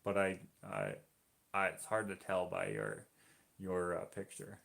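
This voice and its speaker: A man with a low, gravelly voice talks casually through a live painting stream. He reads viewer comments aloud and wanders between thoughts, stopping himself mid-sentence in a loose, easygoing way. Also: sing-song, measured pace, fairly bright tone. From Canada. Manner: rambling, self-interrupting, easygoing.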